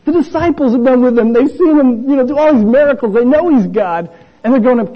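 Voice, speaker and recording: Animated preacher with a soft, husky voice. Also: male voice, very high-pitched, brisk, highs cut off. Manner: animated, acts out voices of the disciples and the blind man. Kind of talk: sermon.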